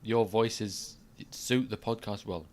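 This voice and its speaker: A man's voice: lowish voice, steady tone, slow pace, darkish tone. A man with an English accent co-hosting a podcast in casual chat, teasing and playful. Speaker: podcast co-host.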